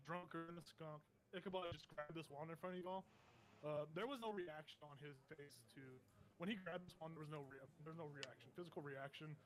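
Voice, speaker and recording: A man's voice: fairly high pitch, a little hiss or hum. Rambling man narrating as game master. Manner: vivid, meandering scene description with frequent fillers.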